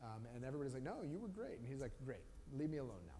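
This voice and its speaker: A man teaching a Bible study in a relaxed, conversational way, slipping into short voiced asides as he retells the story. He speaks at a middle pitch. The live-stream sound carries a long reverb and a faint background hiss. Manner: animated storytelling with quick voiced asides for biblical characters. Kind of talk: casual Bible study talk. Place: church room.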